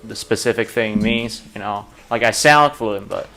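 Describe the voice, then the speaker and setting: A man's voice: lowish voice, moderate pace, vocal fry, bright, forceful tone, faint music behind. Hesitant young man with a Chinese accent. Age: young adult. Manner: hesitant, many fillers. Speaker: podcast co-host. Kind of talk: casual chat.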